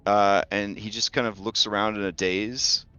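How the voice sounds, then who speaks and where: A man narrating a tabletop game as game master, slow and halting with many fillers. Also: fairly low pitch, flat delivery, sharp tone, clean tone, lo-fi sound, faint music behind.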